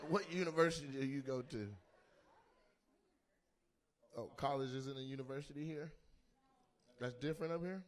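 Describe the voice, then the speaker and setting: A man doing stand-up crowd work in a comedy club, loud and teasing, and slipping into playful mock voices. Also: mid-range voice, normal speed, long pauses. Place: comedy club stage before a live audience.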